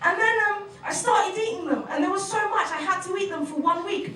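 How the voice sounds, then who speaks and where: A woman's voice: extremely high pitch, normal speed, few pauses, a loud crowd. A woman comedian, doing a brash, swearing, self-mocking stand-up set. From Turkey. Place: comedy venue with an audience. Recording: roomy venue sound from a distance.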